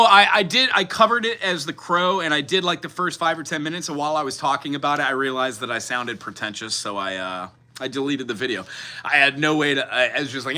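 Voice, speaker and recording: A man live-streaming as a musician, chatting casually with viewers between songs in a rambling, quick-aside way. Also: mid-range voice, bright, forceful tone. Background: guitar playing.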